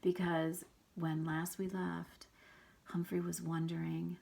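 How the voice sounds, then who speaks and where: A woman teacher reading a chapter book aloud to her students, animated, with hushed whispered asides. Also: lowish voice, takes it slowly, creaky.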